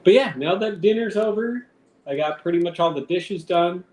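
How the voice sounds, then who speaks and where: This man has a high, slightly mellow voice and a moderate pace as he rambles on a home live stream, swearing occasionally and talking to his cat. The recording is roomy, with some faint noise behind him.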